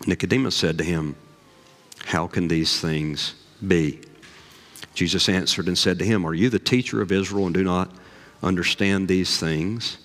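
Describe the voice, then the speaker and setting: Pastor preaching in a reverberant hall. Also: male voice, deep voice, normal speed. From Southern US. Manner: folksy storytelling, animated asides. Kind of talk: sermon. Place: church sanctuary. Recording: long reverb of a large hall.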